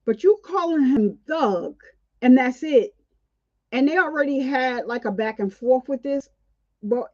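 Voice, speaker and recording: A woman's voice: high voice, a little mellow, no echo, dull audio. A woman hosting a casual, outspoken commentary on a court trial, indignant and chatty. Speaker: commentary channel host.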